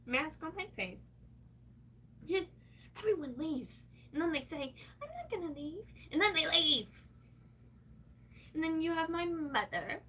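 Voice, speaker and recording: A woman's voice: high voice, sharp tone, recorded from a distance, a little hiss or hum. A woman livestreaming, venting in an angry, profane rant.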